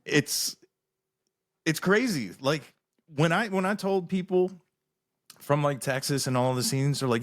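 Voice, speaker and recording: A man hosting a podcast in easygoing casual chat, halting and searching for his words. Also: on the high side. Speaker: podcast host.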